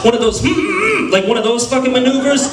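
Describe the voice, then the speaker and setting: A man doing stand-up storytelling in a comedy club, profane, animated and mocking himself. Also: very high-pitched, rapid-fire. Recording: echoey club, distant mic, loud crowd.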